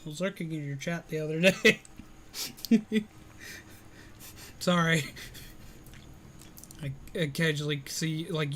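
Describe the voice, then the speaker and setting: A man casually chatting on a live stream, answering viewers, rambling with fillers and quick to laugh. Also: on the high side. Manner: rambling, many fillers, laughs easily, greets viewers loudly.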